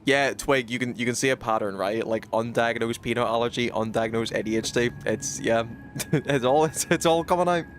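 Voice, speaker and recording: A British man chats loosely with his stream viewers, wandering between thoughts and restarting sentences as he goes. His voice sits at an everyday middle pitch, and a faint hiss of background noise runs under the recording. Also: moderate pace. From United Kingdom. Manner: rambling, many fillers and restarts, reacts to chat. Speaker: game streamer. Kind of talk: casual chat with stream chat.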